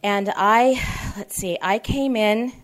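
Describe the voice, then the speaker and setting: A woman's voice: mid-range voice, slow pace. A woman around fifty speaking at a twelve-step meeting, candid and rambling, often backtracking. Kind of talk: personal share at a support meeting. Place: meeting room.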